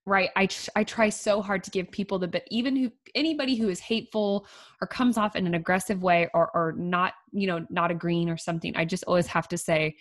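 A woman's voice: fairly low pitch, fairly even intonation, fairly quick. A young woman co-hosting a podcast, chatting casually and filling her talk with "like", laughing easily. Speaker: podcast co-host. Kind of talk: casual chat.

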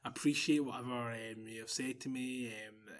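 A young man from Scotland with a Glaswegian accent, speaking at a medium pitch and moderate pace, is a podcast guest telling a long story in casual chat. He's animated, laughing and swearing as he acts out what people said.

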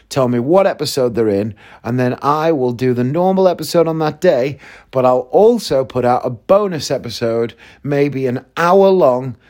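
Man, podcast host, fairly high voice for a man, loose chatty solo monologue, sweary, thinks out loud.

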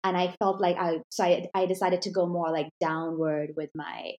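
A woman's voice: fairly low pitch, little pitch movement, normal speed, darkish tone, dull audio. A woman hosting a podcast interview, chatting casually and asking long, rambling questions. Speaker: podcast host.

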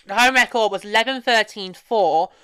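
A woman's voice: medium pitch, moderate pace, pushed and bright, clear, resonant tone, no echo. A woman hosting a hockey podcast, talking casually and emotionally, rambling with frequent restarts. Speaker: podcast host.

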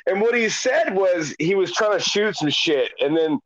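A man's voice: sits high, expressive, moderate pace, no echo. A man co-hosting a podcast, telling stories in casual, profane chat with frequent laughter. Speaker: podcast co-host. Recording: dull lo-fi dry sound.

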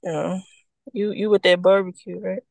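A woman with a Philadelphia accent co-hosting a casual podcast chat, playful and quick to laugh. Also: mid-range voice, steady tone, vocal fry, darkish tone, no echo. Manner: playful, laughing, incredulous questions. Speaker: podcast co-host.

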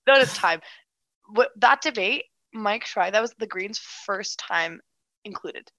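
A woman co-hosting a casual political chat, animated and quick, full of restarts and "like". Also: mid-range voice, no echo, poor audio. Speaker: political commentator, co-host.

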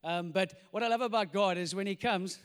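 A man preaching a sermon in a large church, energetic and jokey, acting out little voices in his stories. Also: high-pitched, fairly quick, smooth. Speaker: pastor. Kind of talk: sermon with comic storytelling. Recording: reverberant church hall.

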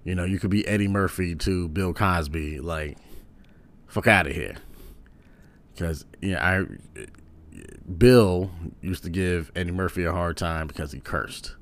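A man giving a casual commentary, rambling a little and filling pauses with "um". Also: low-pitched, steady tone. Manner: rambling, with frequent "um"s.

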